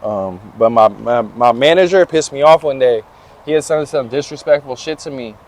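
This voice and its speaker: A young man talks outdoors near a street, relaxed and full of slang as he tells his stories. His voice sits at an ordinary middle pitch. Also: normal speed. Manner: slangy, laid-back storytelling. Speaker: interview guest. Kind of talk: casual storytelling interview.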